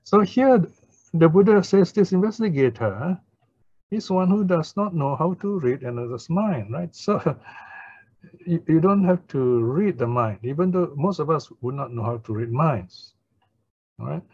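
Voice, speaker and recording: Husky man teaching a dharma class. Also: a little high, a little mellow, dull audio. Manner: explains slowly, asks listeners "right?" and "eh?". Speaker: Buddhist teacher.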